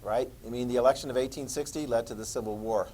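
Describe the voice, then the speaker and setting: A man teaching a history class, quizzing students with questions and joking asides in an animated lecture. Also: mid-range voice, fast talker, a little hiss or hum, low-quality recording.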